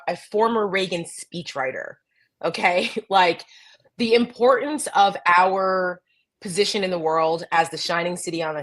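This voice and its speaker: Jersey-accented woman co-host; blunt, lively, cusses, casual chat delivery. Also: lowish voice. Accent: New Jersey. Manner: animated and blunt, swears freely.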